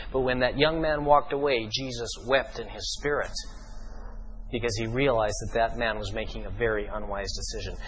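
A male pastor delivering a sermon in an emphatic, rhetorical style. He presses his points with repeated questions and slows down for weight. His voice sits at a middle pitch. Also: a bit bright, breathy edge, poor audio.

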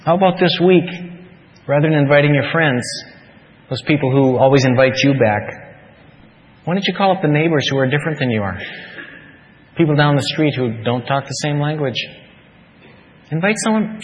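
A man preaching to his congregation in a coaxing, conversational way, voice sitting slightly high. His sermon rings out with long reverb through a church sanctuary. The recording is dull and lo-fi. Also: animated, fairly quick, long pauses. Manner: conversational, coaxing, rhetorical questions. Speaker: pastor.

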